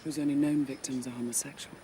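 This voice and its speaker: Pointed academic sleuth, very low voice, terse, television crime drama, background noise. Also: female voice, fairly even intonation, fast, mellow. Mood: probing. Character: sharp, probing woman academic sleuth.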